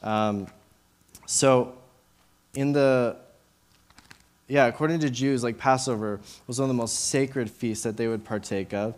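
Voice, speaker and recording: A man's voice: medium pitch, unhurried, long pauses. A man in his late twenties giving informal Bible teaching. He tells a childhood story in a loose, conversational way, with many fillers and restarts.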